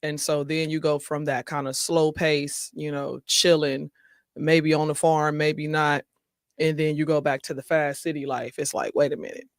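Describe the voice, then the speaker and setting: A man's voice: on the high side, little pitch movement, normal speed, no echo, studio quality. A man hosting a casual talk show, chatting and reading viewer comments aloud with frequent laughter. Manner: chatty, laughs often, talks to viewers directly. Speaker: show host.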